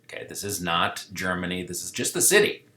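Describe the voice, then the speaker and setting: A man giving a casual history lecture, talking loosely and checking in with the class every few lines. His voice is on the lower side but bright and forceful, and it rings around an echoey room. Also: expressive, a little fast. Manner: loose, conversational, keeps checking in with "okay?"; acts out historical figures in quoted asides. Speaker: history teacher.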